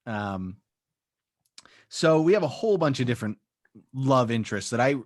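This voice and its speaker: This podcast co-host has a mid-range, darkish voice and sounds very animated while keeping a normal speed. His casual movie chat rambles, and he leans heavily on "like" and "um."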